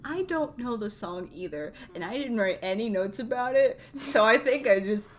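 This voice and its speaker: A woman's voice: a little high, lively intonation, moderate pace. Chatty woman podcast co-host. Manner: rambling, searching for words, frequent laughs. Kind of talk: casual chat.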